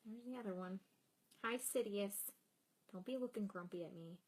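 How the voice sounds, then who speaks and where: A chatty young woman talks casually on a home live stream, picking up viewer comments as she goes. Her pitch sits in an ordinary middle range, and she rambles freely and laughs easily between thoughts. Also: normal speed, a little mellow, husky. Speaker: psychic host answering live comments. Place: home, with cats nearby.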